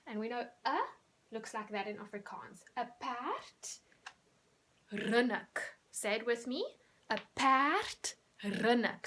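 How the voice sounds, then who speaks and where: A woman, teaching young children animal sounds in a recorded lesson, speaking slowly and clearly and drawing out the sound words. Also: fairly high pitch. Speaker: primary school teacher.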